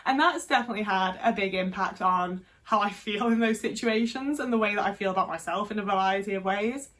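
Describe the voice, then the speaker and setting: A young woman talks straight to the camera in a loose, candid monologue. She swears freely and trips over her own sentences as she restarts them. Her voice sits at a middling pitch. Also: brisk, fairly bright tone. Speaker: vlogger.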